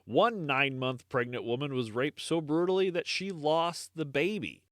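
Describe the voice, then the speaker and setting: A man's voice: fairly high pitch, normal speed, a bit bright, no room sound, clean studio sound. Sombre man co-hosting a history podcast. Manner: sombre, apologetic reading of grim history. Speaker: podcast co-host. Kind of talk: casual true-crime podcast chat.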